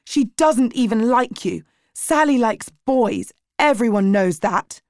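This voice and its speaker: A woman reading aloud and voicing a loud, mocking teenage schoolgirl. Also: medium pitch, expressive, slow pace, no room sound, studio quality. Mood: jeering.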